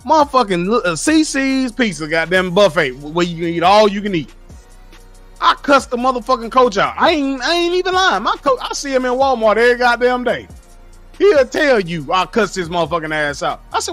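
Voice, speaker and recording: A man with a high-pitched voice holds forth on a casual livestream, answering his chat. He lectures bluntly and swears freely. Soft music plays faintly underneath. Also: very animated, a little fast. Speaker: streamer reading live chat.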